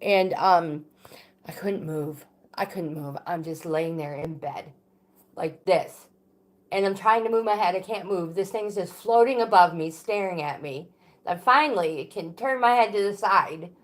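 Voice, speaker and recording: A middle-aged woman recounting a story on a livestream, her pitch sitting a little low. She speaks slowly and unhurriedly, pausing often, restarting sentences and filling gaps with "um.". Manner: halting, many restarts and fillers. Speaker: livestream host. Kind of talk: casual storytelling.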